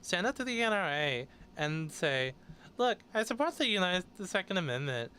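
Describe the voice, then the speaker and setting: A man's voice: high-pitched, sing-song, moderate pace, bright, forceful tone, slight background noise, exaggerated voice. A man putting on a preachy valley girl woman. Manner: mocking parody.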